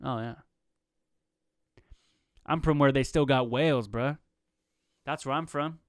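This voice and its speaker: A man's voice: medium pitch, measured pace, no room sound, clean studio sound. A young man hosting a solo comedy podcast, rambling through joking tangents in a laid-back, slangy way. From Pacific Northwest, USA.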